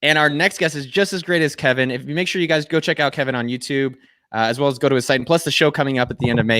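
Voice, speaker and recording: A man's voice: mid-range voice, rapid-fire, no echo, clean studio sound. An American man hosting a live online show, joking with viewers and introducing guests with lots of energy. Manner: energetic, jokey, rambling. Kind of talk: hyped livestream hosting. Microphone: video call.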